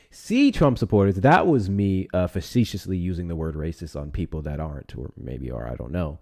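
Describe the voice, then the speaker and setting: A low-voiced man hosts a casual livestream, swearing freely and teasing viewers with sarcasm. His pitch swings widely as he jokes, scolds and reads out chat. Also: animated, a little fast, creaky, hardly any pauses, darkish tone. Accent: Texan. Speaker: livestream host.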